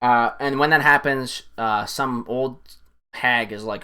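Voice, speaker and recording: A young man casually recapping a film on a stream, rambling and profane, excitedly acting out lines from the scenes. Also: mid-range voice, moderate pace, smooth.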